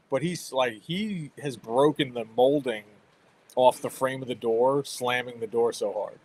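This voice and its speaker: A man's voice: mid-range voice, a little slow, darkish tone, a little hiss or hum, low-quality recording. A man in his thirties hosting a stream, chatting casually about parenting and laughing often. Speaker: livestream host. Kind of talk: casual chat.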